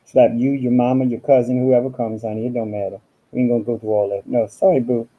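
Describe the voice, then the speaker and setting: A man's voice: mid-range voice, little pitch movement, quick pace, narrow, tinny audio. A man hosting a casual livestream from home, talking in a sassy, profane way and calling his listeners honey and girl. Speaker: livestream host.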